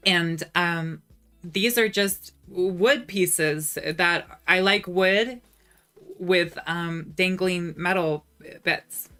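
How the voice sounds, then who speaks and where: Woman streamer, low voice, casual chatty delivery, faint music bed. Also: drawn-out words. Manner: chatty, animated, sarcastic asides. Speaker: streamer reading live chat. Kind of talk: casual livestream chat.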